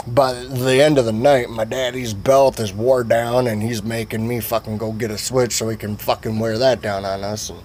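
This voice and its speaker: A man telling a crude comic story, rambling and profane, with a faint hiss behind him. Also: medium pitch. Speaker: comedic storyteller.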